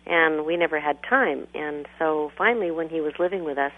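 A woman calls in to a radio talk show, speaking politely and earnestly, pausing often with hesitant ums. Her voice sits low. It comes through a thin, tinny phone line. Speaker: caller.

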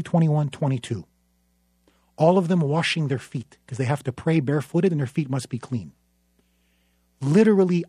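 Guy with a husky, slightly high voice, dry close sound, fired-up speech storytelling. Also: dry recording. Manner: emphatic, dramatic, building to forceful peaks. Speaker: newspaper columnist and journalist. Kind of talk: impassioned public speech telling a story.

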